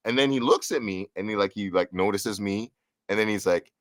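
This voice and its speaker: A man casually telling a lively story on a live talk show, acting out what people said with sudden jumps in pitch. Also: brisk, dry recording. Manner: animated, acts out quotes with big pitch jumps. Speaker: co-host.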